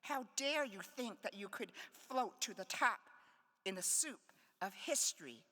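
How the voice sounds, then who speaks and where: A woman's voice: medium pitch, expressive, unhurried, fairly bright tone. A woman poet giving a live reading in a conference hall, with playful, wry asides between poems. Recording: long hall reverb.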